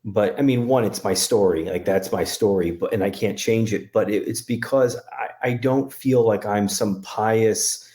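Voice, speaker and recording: Halting low-voiced man from Connecticut. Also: warm tone. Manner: halting, lots of restarts and fillers. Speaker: interview guest. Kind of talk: candid personal conversation.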